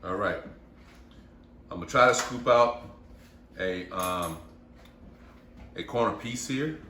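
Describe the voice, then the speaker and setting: A man hosting a home cooking vlog, chatty and excitable as he talks through his dish. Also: lowish voice, takes it slowly. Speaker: cooking channel host. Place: home kitchen. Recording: echoey room with faint noise.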